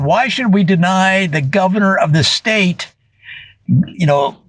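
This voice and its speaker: A man delivering a deadpan comic monologue in an earnest, mock-serious way, talking straight to viewers with small fillers. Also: on the high side, dry recording, rough recording. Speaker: comedian doing a mock review video.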